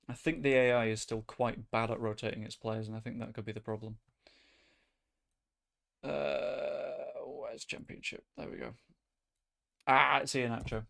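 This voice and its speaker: A man chatting casually as he streams a football management game, rambling and breaking into sudden excited outbursts. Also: mid-range voice, vocal fry. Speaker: gaming streamer. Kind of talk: casual gameplay commentary.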